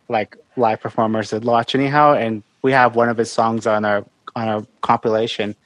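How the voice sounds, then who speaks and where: A man from Colorado chats as a guest musician on a podcast in a mid-pitched voice. He sounds friendly and talkative, with lots of fillers. The recording is dry and close. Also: fairly bright tone, no echo. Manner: friendly, chatty, hesitant fillers. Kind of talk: casual interview chat.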